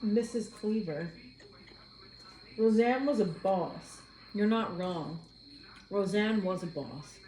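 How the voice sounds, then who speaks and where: A woman chatting casually on a stream, sarcastic and quick to laugh. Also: medium pitch, mellow, reverberant, a little hiss or hum, rough recording. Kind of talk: casual chat.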